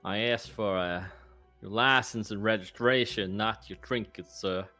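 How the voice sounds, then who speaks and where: A man's voice: on the low side, steady tone, a little slow, bright, forceful tone, faint music behind. A man voicing a suspicious small-town police officer with a folksy drawl. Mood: stern.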